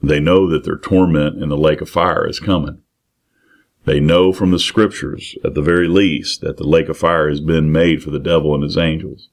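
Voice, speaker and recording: A man with a very low, deep voice preaches verse by verse through a scripture passage. His delivery is earnest and plain-spoken, and he often restarts a phrase or repeats words as he explains each line. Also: steady tone, normal speed. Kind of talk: expository sermon reading and explaining scripture.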